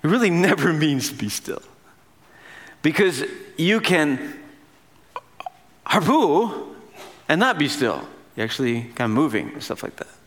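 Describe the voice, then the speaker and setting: A man's voice: a little high, very animated, a little slow, pauses often, a bit bright. A man giving a sermon in a casual, playful teaching manner, laughing as he explains. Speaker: pastor.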